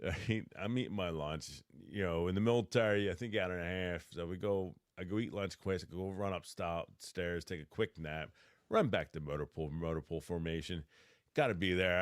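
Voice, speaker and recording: Middle-aged male host, low voice with big swings, dry close mic, animated storyteller. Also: no echo. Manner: animated, acts out quotes in raised voice, stammers and laughs. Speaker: podcast host, electrician trainer. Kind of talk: casual storytelling.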